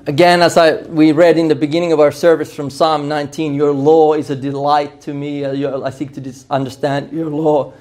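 Male pastor, fairly high voice, hoarse, earnest expository preaching with emphatic exhortations. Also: level tone, a little fast, few pauses, darkish tone. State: hoarse, losing his voice. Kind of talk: expository sermon.

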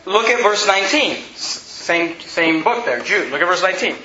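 A man preaches an emphatic sermon in a very high, sharply bright voice, driving his points home and rising to shouts. The recording is dull and lo-fi, with a lot of room echo around him. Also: lively intonation, moderate pace, a little hiss or hum. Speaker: pastor. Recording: echoey room, dull lo-fi sound.

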